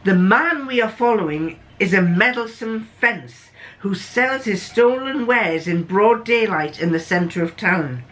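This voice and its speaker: A woman's voice: mid-range voice, expressive, a little slow, fairly bright tone, rough recording. A woman with a sore throat from a cold, reading aloud the lines of a clever, condescending male detective. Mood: explaining.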